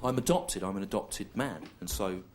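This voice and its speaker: A man from England performing a live stand-up routine, deadpan and ironic, with halting self-corrections. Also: sits low. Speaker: stand-up comedian. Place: live comedy venue. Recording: noisy live stand-up recording.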